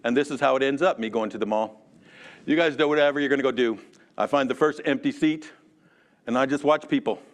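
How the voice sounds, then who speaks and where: A man teaching a Sunday school class in a church, chatty and animated, calling on class members by name. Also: medium pitch, fairly quick. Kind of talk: conversational sermon.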